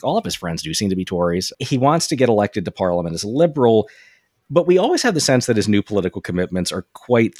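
Man, low voice, very expressive; casual profane book-podcast host, dry close sound. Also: dry recording. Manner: animated, profane, laughs often, reads quotes aloud. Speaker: podcast host discussing a novel. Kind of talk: casual literary discussion.

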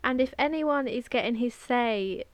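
A woman's voice: fairly high pitch, normal speed, no room sound. A young woman co-hosting a podcast, chatting casually in a teasing, playful way. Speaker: podcast co-host. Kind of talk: casual chat.

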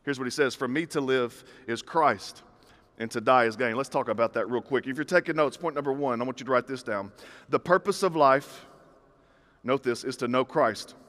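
A man's voice: mid-range voice, moderate pace, a bit bright. A man in his thirties preaching a sermon in a conversational style, with punchy repeated phrases. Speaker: pastor. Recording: reverberant hall.

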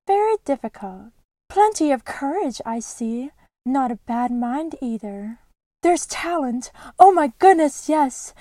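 A woman's voice: sits high, warm tone, no echo, exaggerated voice. A woman reading aloud the lines of a wise, teasing talking hat. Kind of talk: reading a book passage aloud.

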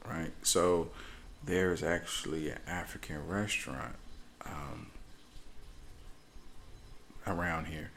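A man's voice: deep voice, creaky, a bit bright, a little hiss or hum. A man in his forties telling rambling stories on a podcast, acting out the people in them. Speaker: podcast co-host. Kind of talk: casual storytelling chat.

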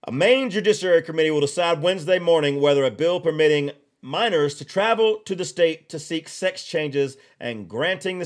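Heated, blunt male political commentator. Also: a little high. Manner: heated, blunt, drawling with "y'all" asides; slow emphatic repetition of key phrases. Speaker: political podcast host.

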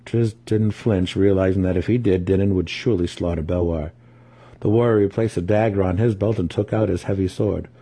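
Low, husky-voiced male storyteller. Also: steady tone, a little fast, dark tone. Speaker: audiobook reader. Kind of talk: fantasy novel reading.

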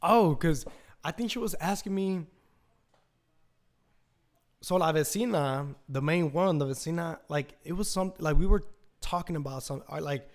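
Rambling, profane man, slightly high voice. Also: moderate pace, pauses often. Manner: rambling and profane, full of fillers. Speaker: podcast host. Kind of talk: casual monologue.

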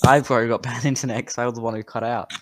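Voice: medium pitch, flat delivery, rapid-fire, fairly bright tone, a little hiss or hum. A game master narrating a tabletop fantasy game over an online call, casual, laughing easily and often restarting sentences.

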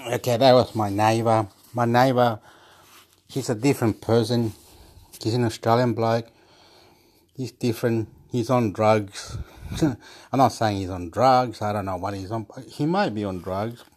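A man's voice: on the low side, steady tone, a little slow, darkish tone. Rambling man on a phone mic. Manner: meandering, repeats himself, frequent restarts; swears freely, laughs between phrases. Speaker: vlogger. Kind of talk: rambling casual monologue.

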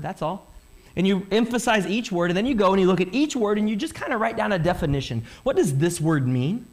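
A man preaching a Sunday sermon as pastor, animated, asking rhetorical questions and voicing listeners' thoughts. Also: sits high.

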